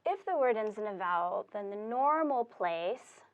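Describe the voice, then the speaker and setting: Over phone-quality sound, a woman with a medium-pitched voice and lively intonation explains Spanish step by step while writing on a board. Her delivery is slow and deliberate, sprinkled with fillers.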